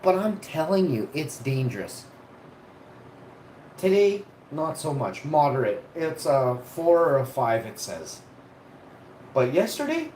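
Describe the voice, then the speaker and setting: A man casually telling stories on a live stream, rambling and swearing, and getting loud when he is excited. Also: fairly high pitch, takes it slowly, pauses often. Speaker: vlogger. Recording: echoey room, faint ambient noise.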